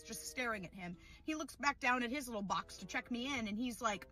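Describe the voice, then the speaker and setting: A woman's voice: a little high, animated, normal speed, bright, forceful tone, soft background music. A young woman telling a funny story about herself in a dramatic, self-mocking way. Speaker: storyteller in a played clip. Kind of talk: comedic storytelling.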